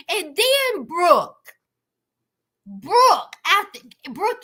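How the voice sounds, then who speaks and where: A woman hosting a reality TV recap, telling the story in a sassy, animated way. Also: extremely high pitch, measured pace. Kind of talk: casual comedic commentary.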